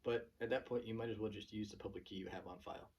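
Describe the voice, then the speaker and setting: A man hosting his own channel, talking casually to camera in a relaxed rant full of fillers and restarts. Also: fairly low pitch, quick pace, slightly rough, far from the mic, muffled recording. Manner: chatty, many fillers and restarts. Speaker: channel host.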